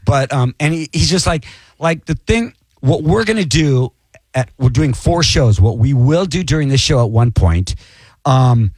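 A man's voice: mid-range voice, animated, measured pace, darkish tone, slightly rough, no echo. A man, a comedian guest, chatting casually on a talk show, rambling and self-deprecating.

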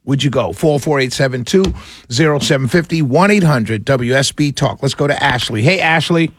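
A man hosting a call-in radio talk show, chatting warmly with callers and reading headlines. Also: medium pitch, normal speed, a little hiss or hum. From Jamaican family roots. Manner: lively, apologetic and chatty with callers.

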